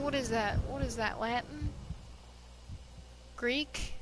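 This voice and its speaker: A woman hosting a let's play, reading game text aloud and swearing excitedly at the game. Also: a little high, slow, background noise. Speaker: gaming video host.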